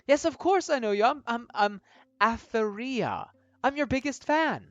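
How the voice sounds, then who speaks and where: A man voicing an eager young woman adventurer who is a gushing superfan, breathless and excitable. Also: extremely high pitch, a little slow, no echo, lo-fi sound, soft background music, pitched above the performer's own voice, exaggerated voice. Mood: starstruck.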